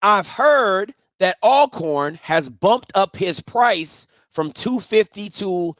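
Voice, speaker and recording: A man hosting a live sports talk show, ranting in a casual and profane way, dropping to low mutters and then rising to shouts. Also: lively intonation, slow, no room sound.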